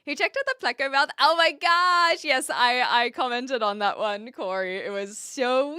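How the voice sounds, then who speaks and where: A woman's voice: high-pitched, normal speed, hardly any pauses, sharp tone, clear, resonant tone, dry recording, clean studio sound. A woman with a New Zealand accent, chatting on a live stream, reading out viewer questions and rambling with lots of fillers and restarts.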